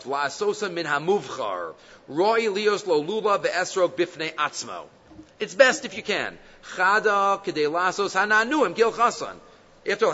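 A man teaching a Talmud class, reading the text slowly in a chant-like way, then explaining it in conversational English with fillers and rhetorical questions. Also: a little high, bright, forceful tone, in a large hall, dull audio.

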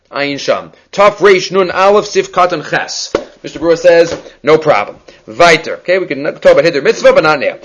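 High-voiced man teaching Talmud. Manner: brisk explaining, repeating key phrases. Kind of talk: Talmud study class.

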